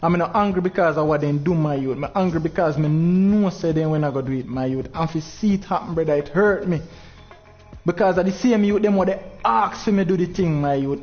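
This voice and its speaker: A man's voice: a little high, a little fast, dull audio, soft background music. A Jamaican man hosting a game tournament livestream, talking in heavy patois, frustrated and preaching at his viewers.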